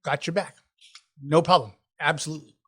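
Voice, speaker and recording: A man's voice: on the high side, steady tone, brisk, sharp tone, husky. A man narrating as game master in a casual, chatty way. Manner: loose, chatty narration with voiced lines for figures.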